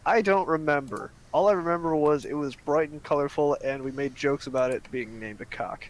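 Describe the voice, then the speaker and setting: A man's voice: on the high side, brisk. A man joking and teasing during a casual group chat on a stream. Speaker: guest. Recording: faint background noise.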